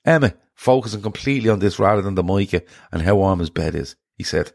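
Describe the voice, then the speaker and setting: Lower-voiced man telling a story. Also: fast, gravelly. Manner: animated storytelling with swearing. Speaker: podcast co-host. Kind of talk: casual chat.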